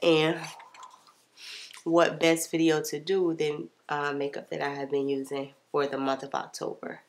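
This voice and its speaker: A woman's voice: low voice, measured pace. A woman with a stuffy, congested voice chatting casually to her viewers while she narrates a makeup tutorial voiceover. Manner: chatty, relaxed, addresses viewers as y'all. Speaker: beauty vlogger.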